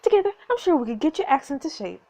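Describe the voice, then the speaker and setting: A woman voicing an upbeat, prim female dialect coach from a story game, pitched above her own voice and swinging lively through each phrase. She explains pronunciation patiently and brightly. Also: fast talker. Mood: teaching.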